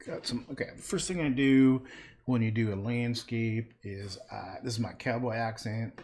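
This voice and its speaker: A man's voice: medium pitch, normal speed, a little mellow, slight background noise. A man painting and chatting casually on a livestream, rambling and trailing off into muttered asides.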